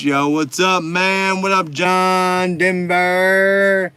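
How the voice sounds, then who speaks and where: A man's voice: sits high, little pitch movement, drawn-out words, a little hiss or hum. Profane, mocking male livestreamer. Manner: profane, mocking, shouts at chatters. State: stoned and tired. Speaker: livestream host. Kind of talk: casual livestream chat.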